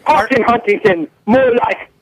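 Putting on an Italian accent, a man prank-calls as a grandiose team boss, gloating and threatening in broken English over the phone. He speaks at a measured pace with an extremely high pitch. The recording is dry.

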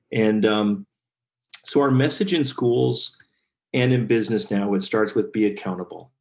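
A man's voice: on the low side, a little fast. A middle-aged man, a guest speaker and author, telling stories in an earnest, heartfelt way during a podcast interview. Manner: earnest, animated storyteller, gets choked up.

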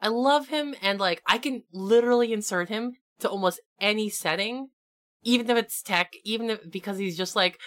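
A woman's voice: mid-range voice, moderate pace, a bit bright. A young adult woman, a game master, chatting casually on a tabletop gaming podcast in a bubbly, rambling way. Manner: bubbly, rambling, lots of filler and laughter.

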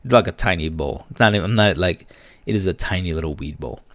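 A man with a deep, low voice spins a loose, slangy story, swearing freely and dropping in Spanish words. He sounds relaxed, taking sips of beer between lines. The sound is close and dry, with no room around it. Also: fast talker, no room sound. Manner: laid-back and profane, slangy, mixes in Spanish words; sips a beer while talking. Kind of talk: casual storytelling monologue.

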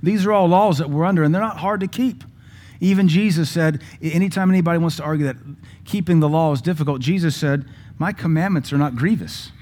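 A man's voice: fairly high pitch, quick pace, darkish tone. A male pastor, preaching a sermon in a conversational, folksy way with asides to the congregation. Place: church.

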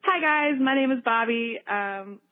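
A woman's voice: a little high, measured pace. A woman leaving an emotional, rambling voicemail for a podcast she loves. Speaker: caller. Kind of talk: voicemail message. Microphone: phone. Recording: tinny phone line.

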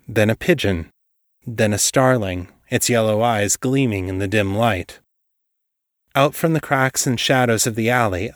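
A man with a low voice narrates a story in a steady, measured way. He is the host of his own podcast. The recording is close and dry. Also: no echo.

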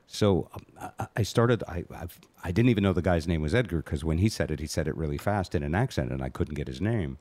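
A man's voice: deep voice, animated, a little fast, few pauses, darkish tone, dry recording. A man hosting a casual podcast chat, telling a long rambling story and poking fun at himself. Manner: rambling, self-mocking storyteller. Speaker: host.

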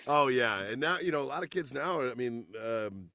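A middle-aged man and voice actor chatting as an interview guest, lively and prone to acting out quotes. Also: medium pitch, normal speed, no room sound, clean studio sound. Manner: animated, slips into voices and shouts for quotes. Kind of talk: casual interview chat.

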